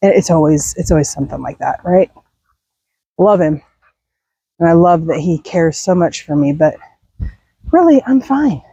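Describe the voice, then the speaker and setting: Slow-talking woman on a night walk. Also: low-pitched, steady tone, mellow, husky, no echo. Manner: chatty, laughs and sighs often. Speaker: vlogger walking her dog. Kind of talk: casual walk-and-talk chat. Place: outdoors in a neighborhood at night.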